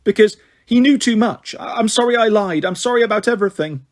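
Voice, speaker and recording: A man's voice: sits high, fairly quick, voice pushed up, close to an everyday voice. A man reading aloud and voicing a spiteful schoolgirl witch who mumbles grudgingly. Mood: guilty.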